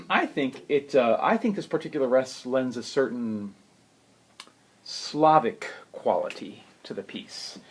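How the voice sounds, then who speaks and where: A man giving a spoken piano lesson, unhurried and thoughtful, who sings rhythms and counts beats aloud. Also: medium pitch, animated, slightly rough. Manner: unhurried, thoughtful, with many fillers. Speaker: piano teacher.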